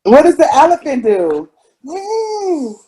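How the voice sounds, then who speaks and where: A woman's voice: high voice, very animated, takes it slowly, a little mellow, breathy edge. A mother playing with her toddler over a picture book, sing-song and making animal noises. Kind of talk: playful talk with a toddler.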